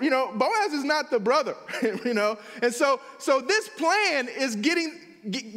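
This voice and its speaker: An animated man delivers a sermon, breaking into laughter and quick asides. His voice sits high for a man. A long reverb trails behind him in the room. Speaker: pastor.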